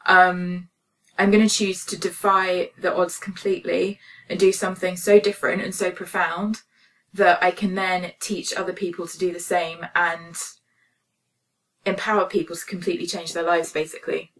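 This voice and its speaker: A woman's voice: on the low side, flat delivery, moderate pace, recorded from a distance. A woman telling a personal story as a spiritual healing vlogger, earnest and emotional with many fillers. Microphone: phone camera.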